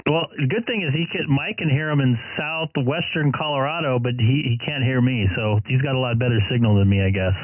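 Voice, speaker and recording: Laid-back ham radio host calling CQ. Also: male voice, medium pitch, brisk, few pauses, narrow, tinny audio. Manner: relaxed, jokey, self-deprecating. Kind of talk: casual radio chat and calling CQ. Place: home radio station.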